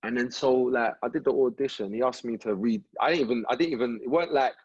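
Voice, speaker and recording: A man, a podcast guest telling a story in a relaxed, slangy way, recorded with slightly muffled sound. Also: mid-range voice, fast talker, slightly rough, dry recording. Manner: relaxed slangy anecdote telling, frequent "you get me". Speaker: rapper and actor guest. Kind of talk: casual storytelling interview.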